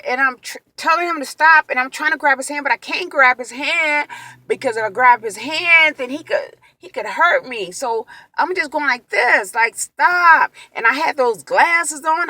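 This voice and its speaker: A woman telling an emotional personal story in a vlog, animated and full of quoted exclamations. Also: high-pitched, no room sound. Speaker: vlogger.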